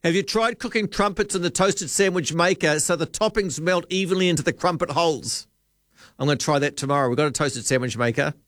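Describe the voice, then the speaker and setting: A man's voice: on the high side, fairly quick, fairly bright tone, no echo. A man hosting a talkback radio show, rambling and joking as he thinks aloud at a studio microphone. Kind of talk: casual radio chat.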